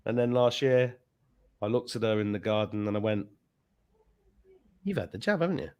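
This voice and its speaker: A man's voice: lowish voice, normal speed, clean tone. A man hosting a podcast, chatting casually and acting out the voices of people in his story. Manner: animated, acts out quoted voices. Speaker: podcast host.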